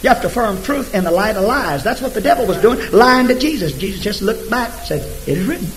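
A man preaching a sermon emphatically, swinging from hushed asides to shouted scripture. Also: sits high, expressive, quick pace, slight background noise, low-quality recording.

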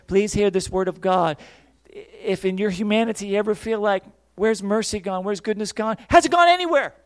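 Fervent high-voiced male preacher. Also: normal speed, clean tone, no room sound. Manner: fervent, swings from quiet to shouting; acts out quoted voices. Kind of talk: sermon.

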